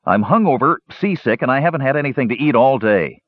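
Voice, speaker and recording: A man voices a big young warrior in a storybook, hungover and out of patience. He growls out blunt lines, his pitch lively, on a dull, dry recording. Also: fairly quick, no room sound, lightly acted. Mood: fed up.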